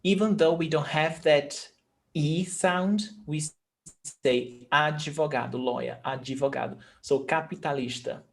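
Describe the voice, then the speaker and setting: A man's voice: on the high side, slow. A man from Brazil teaching a Portuguese lesson, patiently repeating each word for his students. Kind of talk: language lesson explaining grammar.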